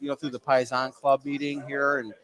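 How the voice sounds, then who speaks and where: A man chatting as a guest on a cigar show, telling animated stories and repeating his words. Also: medium pitch, fairly quick. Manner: animated storyteller, repeats himself. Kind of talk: casual chat.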